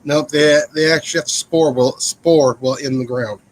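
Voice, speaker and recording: A man's voice: a little high, fairly even intonation, normal speed, a little hiss or hum, low-quality recording. A man chatting casually on a live stream, mostly giving short, offhand replies. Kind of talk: casual chat.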